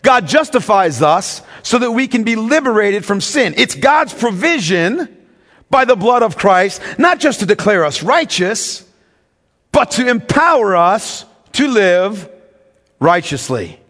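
A man's voice: high voice, big pitch swings, unhurried, a bit bright, in a large hall. A man preaching a sermon as pastor, emphatic and teaching, often asking the congregation questions.

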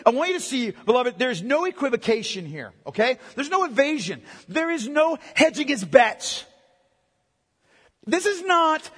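Male pastor, very high voice, emphatic sermon delivery with loud and hushed swings, long hall reverb. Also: sing-song, normal speed, slightly rough.

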